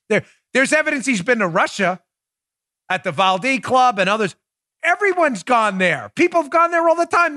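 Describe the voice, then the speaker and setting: Sarcastic man, high bright voice. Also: no room sound, clean studio sound. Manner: mocking, animated, laughs at own jokes. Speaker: podcast host. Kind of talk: sarcastic political commentary.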